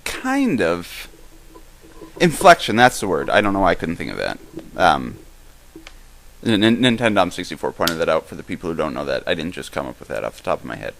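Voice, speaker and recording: A man's voice: deep voice, huge pitch swings, vocal fry, a bit bright, slight background noise. A young man co-hosting a live-stream podcast, rambling through his thoughts with lots of halts and restarts. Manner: rambling, halting, many restarts. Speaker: podcast co-host. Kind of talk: casual live-stream Q&A chat.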